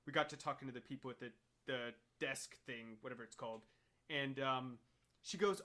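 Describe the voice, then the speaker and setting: A young American man co-hosting a podcast, telling stories in a lively, laughing way. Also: on the high side, a little fast. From United States. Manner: animated storyteller, laughs often. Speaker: podcast co-host. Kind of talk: casual chat.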